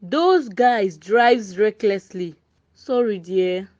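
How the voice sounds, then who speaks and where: A woman's voice: medium pitch, expressive, slow, no echo. Caring cartoon woman voiced by a woman, dry, dull sound. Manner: caring, gentle. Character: caring cartoon friend and mother.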